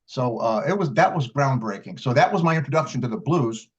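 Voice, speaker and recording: Fairly quick and with lively intonation, an older man's mid-range voice recalls his early days as a blues harmonica player in a casual interview. His storytelling meanders, full of restarts and fillers, on a dull lo-fi recording.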